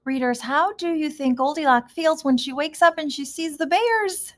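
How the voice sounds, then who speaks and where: A woman teacher leading a reading lesson, gently asking young readers questions about a story. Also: high-pitched, normal speed, soft background music.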